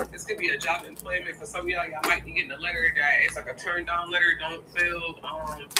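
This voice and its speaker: A woman giving a casual tarot reading to her viewers, blunt and profane, often asking "okay?". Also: on the low side. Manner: keeps checking in with "okay?". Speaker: tarot reader. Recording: distant mic with steady background noise.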